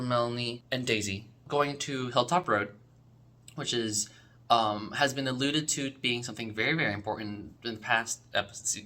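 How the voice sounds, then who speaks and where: A man chats through his rankings of a podcast's episodes in a loose, casual way. His voice is bright and forward, and he rambles with plenty of fillers, restarts and eager asides. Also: mid-range voice. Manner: enthusiastic, rambling, lots of fillers. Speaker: podcast reviewer. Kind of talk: casual review chat.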